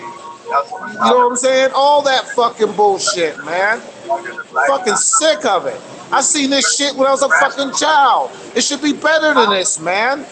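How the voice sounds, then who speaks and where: A man's voice: very high voice, expressive, unhurried, music in the background, rough recording. Profane, fired-up man on a call. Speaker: panel guest. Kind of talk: casual livestream panel chat.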